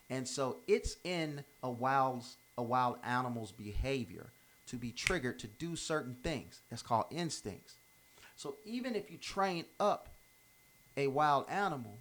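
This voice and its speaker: This commentator's voice sits on the high side with a fairly bright tone. Giving life advice without a script, he's emphatic and informal, drops verbs, and keeps repeating himself and starting phrases over.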